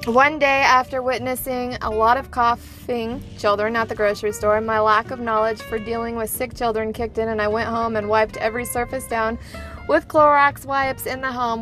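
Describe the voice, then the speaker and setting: Woman podcast co-host, a bit high, casual animated storyteller. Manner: animated storyteller, laughs and breaks into giggles. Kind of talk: casual podcast chat, reading a listener story.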